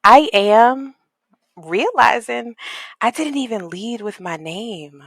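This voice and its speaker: A woman guest on a podcast, speaking in a thoughtful, earnest and searching way, often pausing with "like" and "um" as she finds her words. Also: fairly high pitch, lively intonation, dry recording. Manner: thoughtful, searching, heavy use of "like" and "um"; warm, earnest, spiritual. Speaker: podcast guest, equity coach and consultant. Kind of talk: reflective conversational interview.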